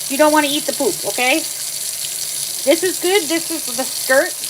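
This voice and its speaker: A woman with a high-pitched voice speaks at a normal speed, hosting a casual livestream from her kitchen. She chats and explains each step as she works with her hands. It's a phone livestream picked up on the phone's mic, with clear background noise.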